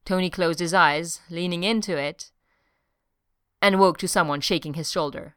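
A woman narrating a story in an audiobook, measured and even. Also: fairly low pitch, clean tone, no echo, clean studio sound. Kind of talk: audiobook reading of fiction.

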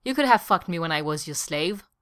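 A woman's voice: low voice, animated, a bit bright. A woman reading the part of a proud former slave, a young man who speaks coldly and crudely. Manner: cold, clipped, deliberately crude.

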